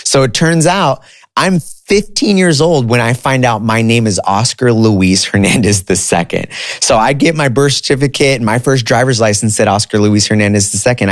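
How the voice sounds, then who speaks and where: A man's voice: on the low side, no echo, clean studio sound. A man in his thirties casually telling a personal story, with a conversational manner full of "like" and "dude". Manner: conversational, uses filler like "like" and "dude".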